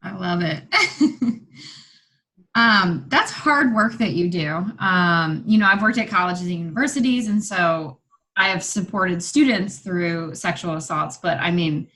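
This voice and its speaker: Bright-voiced woman hosting a podcast. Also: lowish voice, a little slow, poor audio. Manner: supportive, asks open questions, laughs easily. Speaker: podcast host. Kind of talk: casual podcast interview.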